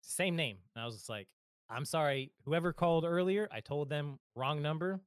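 A man's voice: fairly high pitch, moderate pace, clear, resonant tone, dry recording. A man co-hosting a podcast, telling a story in casual chat, often laughing and quoting himself. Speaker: podcast co-host.

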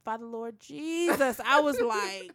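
A woman tells stories in a relaxed group conversation, her voice high and bright. She acts out every exchange with big swings in pitch and laughs through the punchlines. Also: a little slow. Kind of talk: casual storytelling chat.

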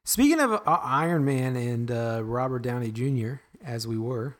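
A young man chats casually on a podcast, rambling and self-deprecating. His voice sits in a middle pitch. He trips over his words and restarts his sentences often. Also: animated, normal speed. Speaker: podcast co-host.

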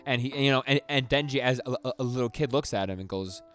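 A man's voice: mid-range voice, fast, a bit bright, smooth. A young man co-hosting a podcast, recapping a manga in a rambling way with lots of stammered restarts and acted-out quotes. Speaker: podcast co-host. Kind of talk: casual chat recapping a manga. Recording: music playing underneath.

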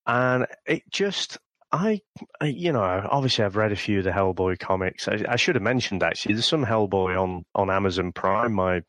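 Laid-back guy with a lowish voice talking movies, chuckles a lot, dry sound. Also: expressive, normal speed, fairly bright tone, no room sound. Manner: easygoing, chuckles while talking. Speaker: podcast co-host. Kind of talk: casual film review chat.

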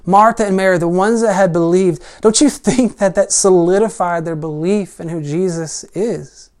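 Speaking at a normal speed in a mid-range voice, a preacher gives a casual, conversational sermon. The story is retold in simple everyday words, peppered with "like" and "I mean," with the volume rising on important points.

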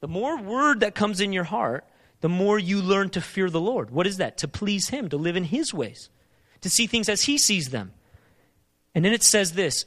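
A man preaching a sermon, asking emphatic repeated questions and moving between urgent loud passages and quieter reflective talk. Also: high voice, big pitch swings, normal speed. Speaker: pastor.

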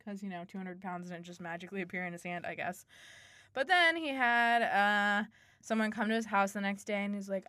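A woman's voice: medium pitch, a little fast, no echo. A woman co-hosting a podcast, retelling a story casually and laughing often. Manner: animated, laughs often, uses voices. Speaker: podcast co-host.

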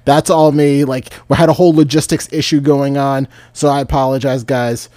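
A man's voice: mid-range voice, flat delivery, moderate pace, warm tone, no room sound. A man around thirty co-hosting a podcast, joking and laughing easily in casual chat. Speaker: podcast co-host.

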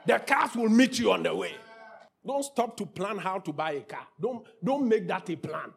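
A man preaching a sermon with passion, at times shouting and at times chanting prayers in repeated lines. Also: high voice, lively intonation, brisk, vocal fry, husky. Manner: impassioned preaching, rising to shouts, then repetitive prayer chanting. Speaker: pastor.

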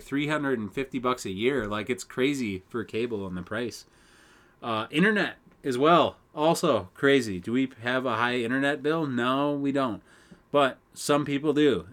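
A man's voice: medium pitch, a bit bright. A man in his twenties hosting a solo podcast, ranting casually with lots of swearing and laughter. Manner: profane, rambling, laughs often. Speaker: podcast host.

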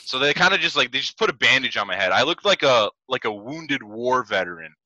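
Young guy rambling thru a story, lots of likes and swearing, super bright voice, kinda dull dry mic. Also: mid-range voice, very animated, brisk, no room sound. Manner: rambling, heavy "like" fillers, swears. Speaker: podcast storyteller. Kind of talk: casual storytelling.

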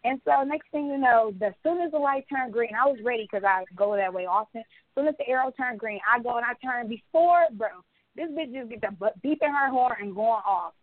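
A woman's voice: on the high side, fairly quick, no echo, narrow, tinny audio. A pregnant woman co-hosting a podcast, telling a story in casual chat and swearing freely. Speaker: podcast co-host.

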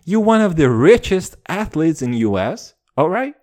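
A man's voice: a little high, normal speed. A man from Russia delivering a rambling, profane comedic rant, riffing on tangents and calling the listener dude. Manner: animated, calls the listener dude.

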